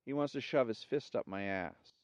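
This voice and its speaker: A man voicing a woman confiding about a date in a raised, put-on pitch. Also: normal speed, smooth, no echo, highs cut off, close to an everyday voice.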